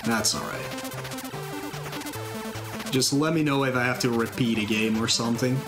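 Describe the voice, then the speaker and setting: A relaxed man talks through his speedrun live. He explains the controls and dangers as he goes, checking in with chat. Bright game music plays clearly underneath his voice. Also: mid-range voice, normal speed. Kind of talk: live commentary while playing.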